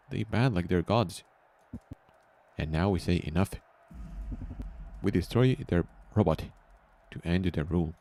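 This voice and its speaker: A man's voice: sits low, darkish tone. A man doing a choppy broken-english rebel. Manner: choppy broken English, missing small words. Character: blunt male rebel speaking broken English.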